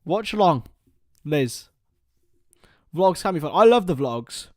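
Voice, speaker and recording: A young man hosting a casual live stream, chatting with viewers by name and bursting into excited shouts. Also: fairly high pitch, slow pace, no echo, clean studio sound. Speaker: livestream host.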